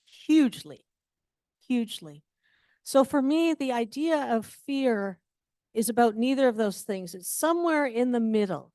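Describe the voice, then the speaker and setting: A woman's voice: fairly high pitch, a little mellow, dry recording, clean studio sound. Candid, joking woman giving a sermon. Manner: candid, self-deprecating, humorous asides. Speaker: speaker at a church service. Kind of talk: conversational sermon. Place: church sanctuary.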